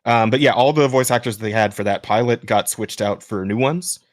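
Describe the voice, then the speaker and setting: A man with a smooth voice hosts a podcast in loose, casual chat at a middle pitch. He talks in rambling runs full of restarts and fillers, often laughing mid-sentence. The recording is dry, with no room sound. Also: normal speed, dry recording. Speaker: podcast host.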